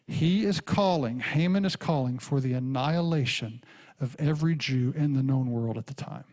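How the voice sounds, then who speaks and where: A pastor who preaches a sermon and retells the story in lively fashion, acting out the characters. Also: male voice, mid-range voice. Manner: animated storytelling, acts out characters.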